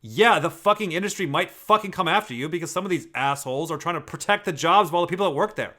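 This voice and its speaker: A man's voice: fairly high pitch, quick pace. A man giving casual, profane, rambling commentary, breaking down clips to analyze personality type. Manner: profane, rambling, animated with restarts.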